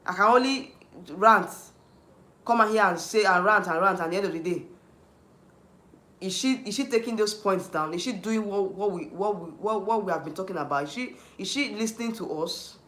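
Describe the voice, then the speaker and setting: A man's voice: sits high, moderate pace, bright, forceful tone, echoey room. A man with a Nigerian accent hosting a livestream, ranting heatedly, repeating himself and restarting often while answering chat. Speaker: YouTube livestream host.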